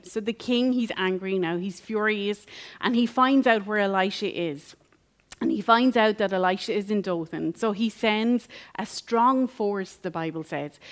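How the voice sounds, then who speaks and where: A woman teaching a Bible passage as a sermon, repeating key phrases and asking rhetorical questions. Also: medium pitch.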